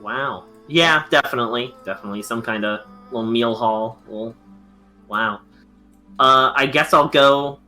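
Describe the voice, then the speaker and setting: A man's voice: medium pitch, normal speed, pushed and bright, soft background music. A man playing a tabletop game, rambling and joking with lots of fillers. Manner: rambling and jokey, many fillers. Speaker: player. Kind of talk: casual tabletop game play.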